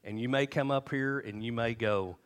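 A middle-aged male pastor tells stories while preaching at a moderate pace. He acts out quotes, shifting his pitch and volume to bring them to life.

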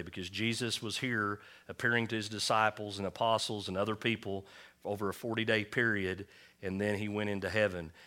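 A man's voice: fairly low pitch, sharp tone. A male pastor giving a conversational sermon, rallying his congregation with call-and-response. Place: church.

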